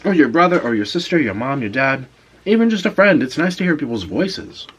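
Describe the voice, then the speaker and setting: A young man tells a story casually to the camera between bites of food. His pitch swings widely as he talks, rising and falling with the tale. A faint hum of noise sits behind his voice. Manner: animated storyteller, pauses to eat and savour food. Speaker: mukbang vlogger. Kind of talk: casual storytelling while eating.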